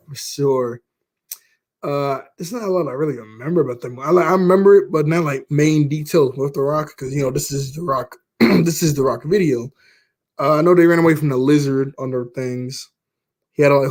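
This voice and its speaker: A young male YouTuber with a fairly high, slightly mellow voice rambles casually about movies. His commentary meanders, packed with fillers and frequent laughter.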